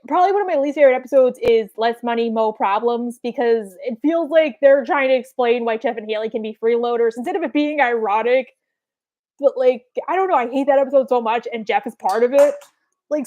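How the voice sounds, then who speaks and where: A woman's voice: on the high side, darkish tone. A young woman chatting casually with fans in a live Q&A, rambling with lots of fillers. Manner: rambling, filler-heavy, quick quoted asides. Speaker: streamer answering fan questions.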